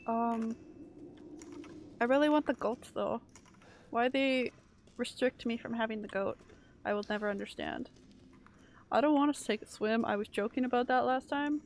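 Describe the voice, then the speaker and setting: A woman streaming a horror game, jumpy and excitable, bouncing between shrieks and chatter with her viewers. Her voice sits fairly high and carries a gravelly fry, with a faint hiss under it. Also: moderate pace, pauses often. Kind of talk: live gameplay commentary.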